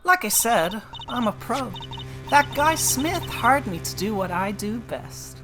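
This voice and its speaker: A woman's voice: fairly high pitch, expressive, slow, music in the background, pitched above the performer's own voice. A woman playing a brash tough-talking card dealer. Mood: smug.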